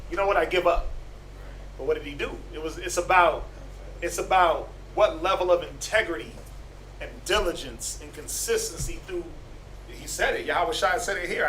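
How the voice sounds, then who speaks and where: A man leads a casual Bible class with lively, fairly high-pitched delivery, slipping into the voices of people he describes. He is picked up from some distance in a reverberant room, with a faint murmur of ambience underneath. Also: normal speed, slight background noise. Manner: animated, acts out quoted everyday voices. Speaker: teacher. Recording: echoey room from far off.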